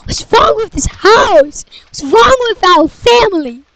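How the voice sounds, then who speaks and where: A woman's voice: very high voice, animated, a little slow, gravelly, a bit bright, no echo, exaggerated voice, poor audio. A woman doing a harried, whining family man. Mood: exasperated. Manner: exasperated complaining. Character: harried family man stuck in chaos, whiny.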